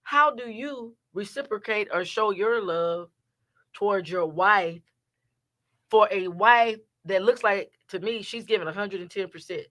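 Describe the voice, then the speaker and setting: A woman hosting a Christian talk show, asking questions in a playful, animated way and cheering her guest on. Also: medium pitch, unhurried. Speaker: host. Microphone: studio microphone.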